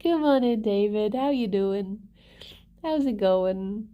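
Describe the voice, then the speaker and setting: Woman streamer chatting slow n easy, giggles a lot, fusses over her pets. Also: medium pitch, animated, lo-fi sound. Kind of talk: casual live-stream chat.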